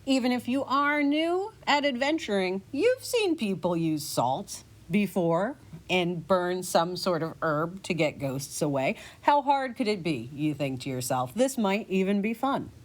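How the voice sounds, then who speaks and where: A woman narrating a choose-your-own-adventure story in the second person, playful and animated. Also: mid-range voice, a little slow. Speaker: podcast narrator.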